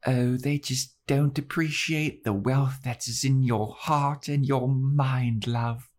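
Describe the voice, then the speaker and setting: A dreamy, seductive female vampire, put on by a man with a high, cooing voice pitched well above his own. She speaks in a slow, theatrical drawl on a podcast recording. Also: fairly even intonation, darkish tone.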